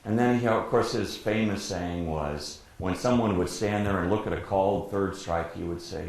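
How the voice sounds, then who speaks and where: A man in his sixties who grew up in Detroit, a sportscaster speaking as guest, telling lively anecdotes and acting out quotes with frequent laughter. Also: low voice, normal speed, gravelly, few pauses. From Detroit, USA. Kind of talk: anecdotal storytelling talk. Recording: very echoey room, faint background noise.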